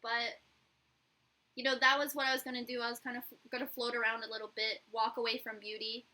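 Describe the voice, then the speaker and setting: A woman's voice: on the high side, flat delivery, a little fast, sharp tone, rough recording. A young woman, a YouTuber and hairstylist, telling a candid, profane story in a casual vlog and acting out the dialogue.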